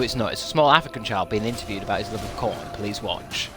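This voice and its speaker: A young man with a fairly low voice talks to his stream chat in a rambling, self-mocking way, swearing casually. His tone is dry and sardonic. Faint game music plays behind him. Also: fairly quick, few pauses, a bit bright.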